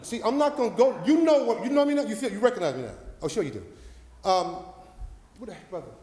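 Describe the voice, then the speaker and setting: A man from Paterson, New Jersey, giving an impassioned, preacher-like public comment at a city council meeting, rambling and fervent, with loudness that swells and drops. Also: high voice, very animated, fast. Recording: echoey council chamber with long reverb.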